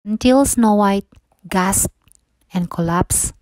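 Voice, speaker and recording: A woman reading a children's bedtime story aloud in a gentle, expressive storytelling manner. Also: mid-range voice, slow pace, no echo, poor audio.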